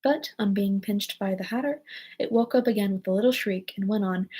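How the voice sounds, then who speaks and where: A woman's voice: mid-range voice, brisk, dark tone, slightly rough, poor audio. A woman reading a storybook aloud in a casual way, now and then correcting a slip. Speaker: reader.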